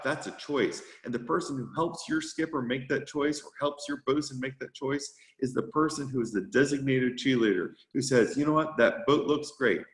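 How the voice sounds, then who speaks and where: A man who leads a youth sailing group, giving a brisk, upbeat motivational talk to a meeting. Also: mid-range voice, roomy sound, poor audio. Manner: brisk and upbeat, rushing to fit his time. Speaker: sea scout skipper giving a presentation.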